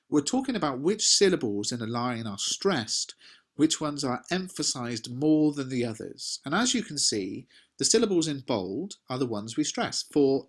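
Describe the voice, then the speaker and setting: A man's voice: medium pitch, fairly bright tone. Conversational male teacher explaining poetry. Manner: explanatory, conversational, addresses students as guys. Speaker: English teacher. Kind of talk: recorded exam revision lesson.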